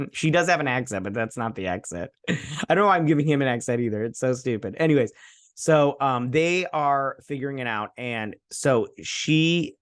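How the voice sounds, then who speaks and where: A man hosts a casual episode review, recapping scenes in a loose, offhand way full of "um"s and side comments. His pitch sits in the middle of the range. The recording is dry and close, with no room echo. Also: fairly bright tone. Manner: rambling, offhand, many fillers and asides. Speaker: host.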